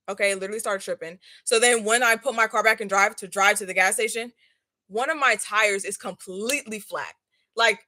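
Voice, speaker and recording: A young woman in her twenties telling a casual, slangy storytime while doing a face mask, animated and laughing often. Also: medium pitch. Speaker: vlogger.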